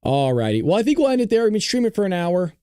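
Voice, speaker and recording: A man hosting a live-stream political commentary show, chatty and reacting to his chat, hoarse from losing his voice. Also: sits high, very animated, quick pace, warm tone, no echo, studio quality.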